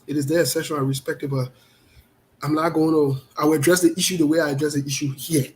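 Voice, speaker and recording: A man's voice: fairly high pitch, steady tone, quick pace, low-quality recording. A man hosting a live online talk show, greeting viewers by name and speaking bluntly and passionately.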